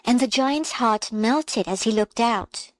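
A woman reading a fairy tale aloud in a calm, measured storybook style. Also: fairly high pitch, no room sound, poor audio.

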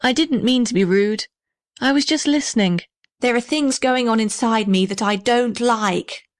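Woman doing a mopey young house character, high and whiny, storybook. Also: measured pace, dry recording, studio quality, natural voice. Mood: mournful. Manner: whiny, sighing, self-pitying. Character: sulky young male house, mopey and touchy.

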